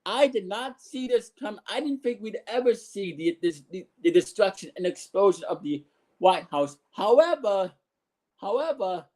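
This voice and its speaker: A man recapping a wrestling show as its commentator, rambling with restarts and bursts of excitement. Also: high-pitched, normal speed, low-quality recording.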